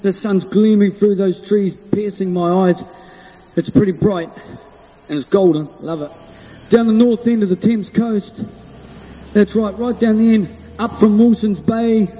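Upbeat high-voiced New Zealand man. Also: steady tone, a little slow, warm tone, big-room sound, low-quality recording. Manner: upbeat, rambling, jokey. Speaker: singer-songwriter vlogger. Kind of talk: casual chat to camera. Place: outdoors on a hilltop lookout at sunrise.

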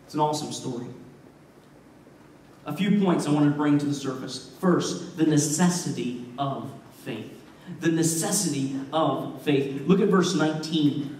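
A man's voice: a little high, moderate pace. Male pastor, sermon, emphatic storytelling, echoey sanctuary, faint room noise. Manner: storytelling, emphatic, varied loudness. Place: church sanctuary. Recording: echoey church hall, mic far off.

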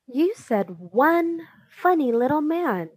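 A woman voicing a bossy boy who leads a kids' club, gruff and commanding, read slowly in a storybook reading. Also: on the high side, very animated, dry recording, heavily acted.

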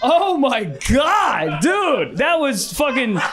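A man with a high, bouncing voice riffs stand-up on a club stage, crude and loud with bursts of yelling. The live recording carries clear noise behind him. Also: huge pitch swings, slow. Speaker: stand-up comedian. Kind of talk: improvised stand-up riffing on audience suggestions. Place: comedy club stage with audience.

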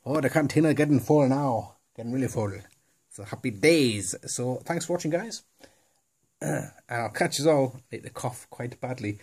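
Man, mid-pitched, casual rambling unboxing patter, jokey asides to the viewer. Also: expressive, moderate pace, a little mellow, slightly rough. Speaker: toy reviewer.

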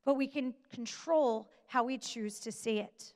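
High-voiced woman speaking in a reverberant hall. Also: a little mellow. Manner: emphatic, slow deliberate delivery with pauses. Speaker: motivational speaker. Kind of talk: motivational talk to an audience. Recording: long reverb of a large hall.

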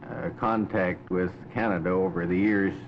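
A man with a lowish voice asks courteous questions in a formal broadcast style. The recording is dull and lo-fi, from the 1950s. A faint hiss sits underneath. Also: fairly even intonation, moderate pace. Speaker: interviewer.

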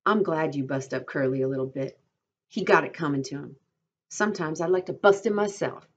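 Brief: woman reading a sharp, scornful young ranch wife, low voice pushed up, muffled recording. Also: brisk, slightly rough. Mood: menacing.

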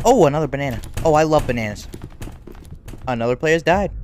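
An excitable gaming YouTuber narrating a round as it happens, voice swinging up and down through its reactions. Casual, slang-heavy chatter at a middling pitch, with a faint hum of noise behind it. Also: a little fast, long pauses. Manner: excitable, reacts loudly to game events. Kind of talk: unedited live gameplay commentary.

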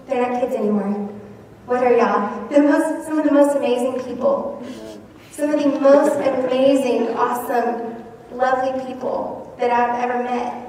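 A woman's voice: high voice, darkish tone. A woman youth pastor giving an earnest, emotional farewell address to graduating youth in a church hall. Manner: earnest, emotional, laughs between lines. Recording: echoey hall from far off, faint noise.

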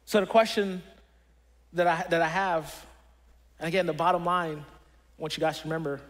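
A young adult man preaching with a high, light voice, talking to his congregation in an earnest, conversational way. He tells stories and often stops to restart his sentences. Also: steady tone, moderate pace, a bit bright. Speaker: pastor. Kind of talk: sermon.

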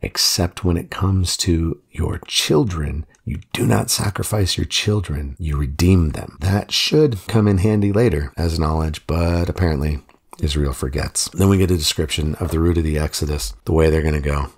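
A man's voice: a bass voice, moderate pace, slightly rough. A man giving a conversational, earnest reflection on a Bible reading as a pastor.

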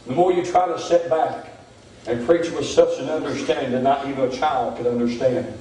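A man's voice: mid-range voice, brisk, mellow. A man preaching a revival sermon as pastor, repeating "my friend" often, recorded from a distance in a church. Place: church sanctuary. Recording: very echoey church hall, mic far off. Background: congregation amens.

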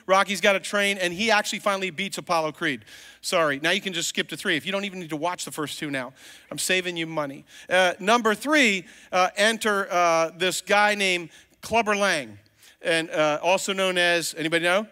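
A male pastor preaching in a loose, chatty way, joking with his congregation as he goes. His voice is fairly high and bright. It rings with the long reverb of a large church sanctuary. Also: a little fast. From Virginia, US. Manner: casual, joking and conversational. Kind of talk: sermon.

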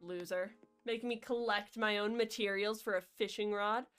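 A woman's voice: medium pitch, steady tone, moderate pace, fairly bright tone, smooth, faint music behind. A woman streaming a video game, chatting casually and playfully with her viewers in a jokey, rambling way. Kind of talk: casual gameplay chat.

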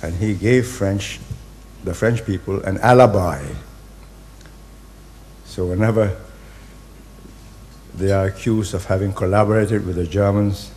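A man, giving a public speech in deliberate, halting phrases and hitting key words hard. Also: low-pitched, a little mellow, a little hiss or hum. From Singapore. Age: 80s. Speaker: invited speaker.

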